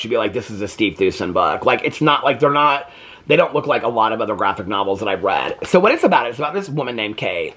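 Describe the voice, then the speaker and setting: Animated, husky-voiced man reviewing books. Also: mid-range voice. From United States. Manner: animated, laughing, lots of "like" fillers. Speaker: book reviewer. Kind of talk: casual book review vlog.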